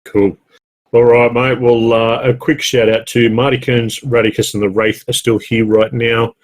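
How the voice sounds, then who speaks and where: A man's voice: medium pitch, flat delivery, moderate pace. An Australian man co-hosting a gaming podcast, chatting casually in a rambling, jokey way with many self-corrections. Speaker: podcast co-host. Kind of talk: casual chat.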